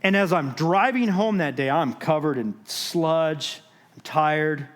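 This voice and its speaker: Storytelling man preaching a sermon. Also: fairly high pitch. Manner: storytelling, dramatic pauses and shifts between loud and hushed. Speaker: guest speaker. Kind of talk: sermon testimony. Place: church stage.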